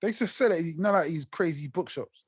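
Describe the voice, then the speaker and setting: Laid-back man, slightly high voice. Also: quick pace, breathy edge, no room sound, studio quality. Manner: laid-back, trailing off mid-sentence. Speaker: podcast co-host. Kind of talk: casual chat.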